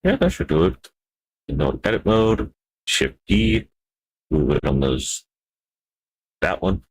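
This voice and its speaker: A man with a notably deep voice narrates his own work in loose, casual stream talk. He wanders off into playful self-talk and small word jokes between steps. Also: expressive, slow pace. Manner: rambling, playful self-talk with wordplay asides. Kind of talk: casual live-stream talk while 3D modeling.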